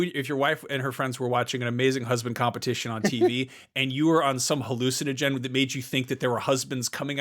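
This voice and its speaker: A man's voice: medium pitch, a bit bright. A man in his thirties, a podcast co-host, telling rambling, profane stories in casual comedic chat.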